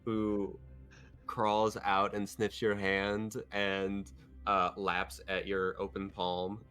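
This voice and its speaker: A man narrating a tabletop game as game master, relaxed and laughing often. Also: lowish voice, slow pace, clear, resonant tone, soft background music.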